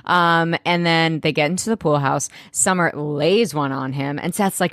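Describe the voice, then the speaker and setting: Animated woman recapping a show. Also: fairly low pitch, dry recording, studio quality. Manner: animated, acts out characters in quick impressions. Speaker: podcast co-host. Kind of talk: casual recap chat. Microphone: close studio mic.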